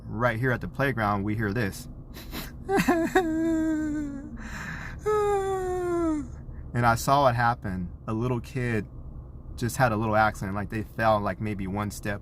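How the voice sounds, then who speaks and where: A man, a parent, telling a story in a vlog, animated and acting out the scenes he describes. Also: on the low side, a little fast, a little hiss or hum.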